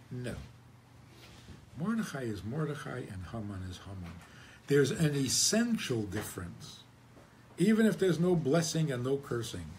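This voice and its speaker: A man's voice: mid-range voice, darkish tone, slight background noise. A man, a rabbi, giving a conversational religious talk with wry humor, rhetorical questions and frequent chuckles.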